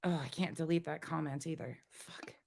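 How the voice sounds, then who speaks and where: A woman's voice: lowish voice, expressive, measured pace, bright, forceful tone. A woman hosting a livestream, talking to her chat in a heated, swearing, casual way. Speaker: livestream host.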